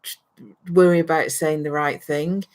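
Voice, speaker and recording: Woman with a lowish voice, casual co-host chat, reads out comments. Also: steady tone, a little slow, a little mellow. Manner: laughs easily, reads out viewer comments. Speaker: co-host reading viewer comments.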